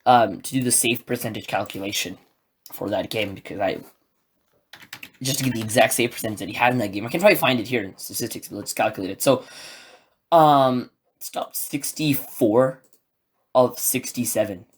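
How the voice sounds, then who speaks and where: A man talks alone into his podcast mic in a mid-range voice, neither high nor low. He is excitable and rambling and packs his sentences with filler words. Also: normal speed, slightly rough. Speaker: podcast host. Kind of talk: solo podcast commentary, casual.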